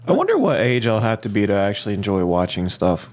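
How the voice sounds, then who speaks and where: A man's voice: lowish voice, wildly swooping pitch, fast, a little mellow. A young man in his twenties co-hosting a casual podcast, laid-back and joking, swearing casually. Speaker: podcast co-host.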